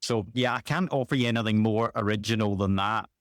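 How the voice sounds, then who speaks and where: A man's voice: lowish voice, a little fast, no echo, studio quality. Weary, exasperated man venting. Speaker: podcast guest. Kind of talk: casual football podcast chat.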